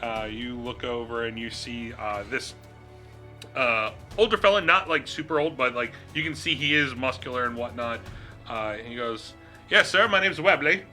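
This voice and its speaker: A man running a tabletop game as game master, relaxed and halting, with many fillers and frequent laughs. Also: medium pitch, faint music behind.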